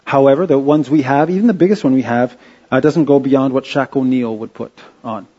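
A man giving an informal slide-show talk, halting and restarting with many fillers. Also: medium pitch, warm tone, slightly rough, muffled recording. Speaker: presenter.

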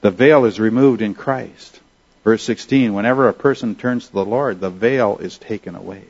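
A man's voice: fairly low pitch, normal speed, a little mellow, breathy edge, highs cut off. A man preaching a sermon in an earnest, conversational way, asking rhetorical questions of his listeners. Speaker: pastor.

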